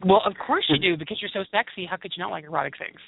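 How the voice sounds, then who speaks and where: A woman's voice: fairly low pitch, very fast, creaky, breathy edge. A woman hosting a casual talk show, bubbly and flirty, laughing often. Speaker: podcast host. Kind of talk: casual chat. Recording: dry phone-line sound.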